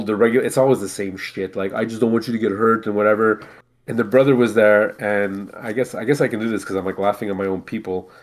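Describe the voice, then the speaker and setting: Guy from montreal chatting loose, lowish voice, lots of restarts and ums. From Montreal, Canada. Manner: rambling, many restarts and fillers. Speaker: co-host. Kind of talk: casual chat.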